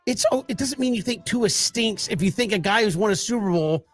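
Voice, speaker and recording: High-voiced man in casual sports banter. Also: fairly quick, faint music behind. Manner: chatty, laughs easily, self-deprecating. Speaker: co-host.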